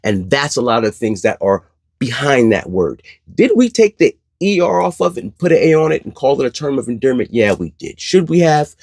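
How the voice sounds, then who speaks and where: A man's voice: mid-range voice, breathy edge, no room sound, studio quality. A man hosting an opinion commentary, speaking in a sarcastic, emphatic, preachy way. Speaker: commentary channel host.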